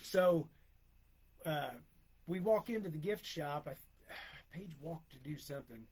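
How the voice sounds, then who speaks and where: A man's voice: on the high side, a little slow, a little mellow, breathy edge, poor audio. A middle-aged man co-hosting a podcast, rambling through casual stories, laughing often and acting out quoted lines. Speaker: podcast co-host, wrestler. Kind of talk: casual storytelling chat.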